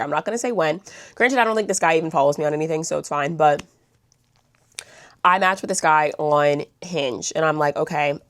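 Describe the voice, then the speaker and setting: A woman's voice: low-pitched, dry recording, studio quality. A young woman vlogger telling a storytime in a blunt, chatty way, swearing and saying "like" a lot. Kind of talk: storytime vlog.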